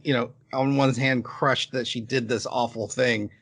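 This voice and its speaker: A grown man co-hosting a casual anime podcast, chiming in with amused, lively reactions to the plot. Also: medium pitch, measured pace, husky. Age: adult. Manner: chimes in with amused, animated reactions. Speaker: podcast co-host.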